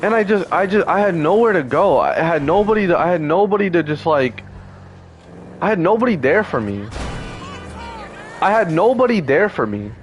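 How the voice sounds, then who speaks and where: A man's voice: high voice, lively intonation, normal speed, long pauses, a little hiss or hum, rough recording. A man in his twenties telling a painful personal story, heated, profane and upset, close to tears. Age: 20s. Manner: heated, profane, repetitive fillers.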